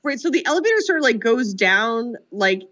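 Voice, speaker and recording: A woman with a slightly high voice recaps a movie for a comedy podcast. Her storytelling is animated and peppered with swearing and "like". It sounds like loose, casual chat between friends. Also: fairly quick. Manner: animated, profane storytelling full of "like". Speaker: podcast co-host.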